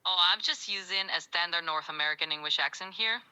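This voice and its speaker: Bright, fast-talking AI assistant woman. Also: on the low side, low-quality recording. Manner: agreeable, eager to please. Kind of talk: voice assistant replies.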